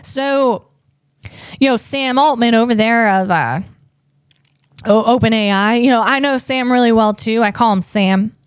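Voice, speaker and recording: A woman's voice: on the high side, measured pace, clean tone, no room sound, studio quality. A woman hosting a comedy podcast, riffing casually and interrupting herself as she talks. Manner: chatty, riffing, self-interrupting.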